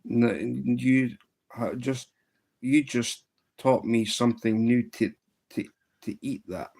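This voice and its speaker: A man's voice: medium pitch, steady tone, slow, gravelly, darkish tone. A man hosting a casual fly-tying livestream, chatting loosely as he answers viewer questions and tells jokes. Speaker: livestream host. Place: indoors at a tying bench.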